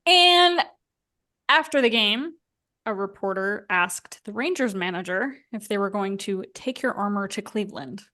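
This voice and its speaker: A woman's voice: mid-range voice, animated, measured pace, pushed and bright. A woman in her thirties co-hosting a podcast, telling a story in a chatty, casual way and laughing along. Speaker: podcast co-host.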